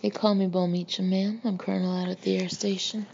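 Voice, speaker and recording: A woman voicing a brash, blunt middle-aged male Marine colonel who talks gruffly and mockingly, in a muffled lo-fi recording. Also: mid-range voice, level tone, fairly quick, darkish tone, close to an everyday voice. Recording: muffled lo-fi recording with faint hiss.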